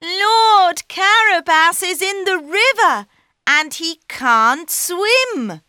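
A woman voicing a clever male talking cat in a storybook, high-pitched and excitable. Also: extremely slow, no room sound, studio quality, exaggerated voice. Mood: eager. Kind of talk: storybook reading.

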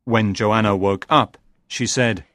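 A man narrating a simple storybook slowly and deliberately. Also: on the low side, steady tone, a bit bright, no room sound, studio quality. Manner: slow and deliberate.

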